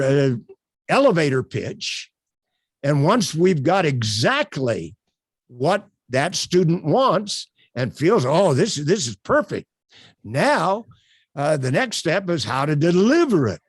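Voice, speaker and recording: A man's voice: a little high, no room sound, studio quality. A man leading an online workshop as its instructor, talking emphatically with many "uh" fillers. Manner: animated, emphatic, with frequent uh fillers. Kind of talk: live online workshop teaching.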